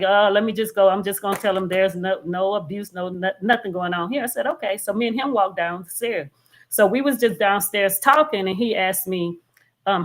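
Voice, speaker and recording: A woman, a minister, telling a story in an earnest, detailed way during a casual live church discussion. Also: mid-range voice. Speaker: minister and co-host.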